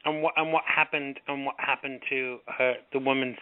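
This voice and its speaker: A man's voice: medium pitch, little pitch movement, normal speed, dry recording. A man hosting a talk radio show, easygoing and joking, stumbling and restarting as he goes. His voice sits mid-range, and the sound is dry and squeezed thin like a phone call. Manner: hesitant, lots of restarts, jokey. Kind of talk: casual talk-radio chat.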